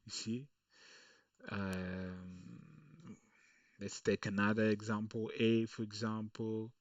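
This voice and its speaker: A man walks through a screen-recorded coding lesson at a slow, unhurried pace, pausing to check in with "okay". His voice sits a little low. The sound is dull and dry, from a mic placed some distance away. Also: flat delivery, dry recording. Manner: slow, patient explaining with frequent "okay" and "uh". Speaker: coding tutorial instructor.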